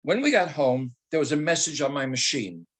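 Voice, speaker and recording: A man in his seventies, a retired teacher, telling personal stories with humor and slowing into dramatic readings. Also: mid-range voice, animated, breathy edge. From Germany. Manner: humorous, anecdotal, slows to dramatic recitation.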